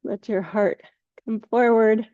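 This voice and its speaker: A woman teaching a yoga class, giving slow, calm cues with soft laughs between poses. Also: a little high, no room sound, narrow, tinny audio. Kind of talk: guided yoga class instruction.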